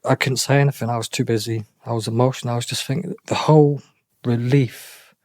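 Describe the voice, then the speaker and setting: A middle-aged man with a halting way of talking, often restarting and repeating himself as he tells a personal story in an interview. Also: mid-range voice, fairly even intonation, darkish tone, no echo, studio quality. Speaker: interview guest. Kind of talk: emotional personal account.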